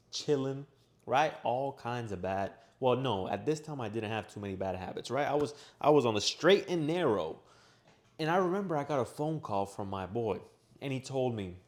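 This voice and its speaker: A young man telling a personal story in a casual, animated way, sometimes raising his voice to act out his own shouting. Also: mid-range voice. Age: young adult. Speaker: vlogger. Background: washing machine running.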